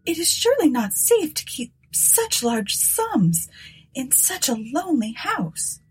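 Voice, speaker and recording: A woman's voice: sits high, big pitch swings, slow pace, voice pushed up, heavily acted. A woman reading aloud voicing a timid, frightened sister in a storybook, with a fearful, pleading manner. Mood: worried.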